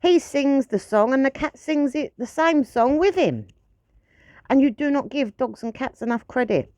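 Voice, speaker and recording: A woman's voice: high voice, very animated, moderate pace, a little mellow, dry recording. Blunt, swearing woman ranting. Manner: frustrated, blunt, swears freely. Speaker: pet owner vlogger. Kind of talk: ranting monologue to camera.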